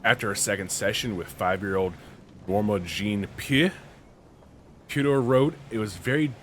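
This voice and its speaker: A man's voice: on the low side, moderate pace, a bit bright, slight background noise. A man co-hosting a podcast, reading a story aloud and breaking off into slangy, joking asides. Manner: reads aloud then riffs with slangy asides. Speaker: podcast co-host. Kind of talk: casual reading and commentary.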